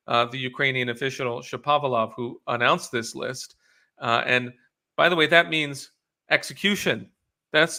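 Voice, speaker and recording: A man answering interview questions with urgent conviction. His voice is bright and forward, and he rises in pitch and force when he presses a point. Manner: earnest, urgent advocacy with frequent fillers. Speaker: guest.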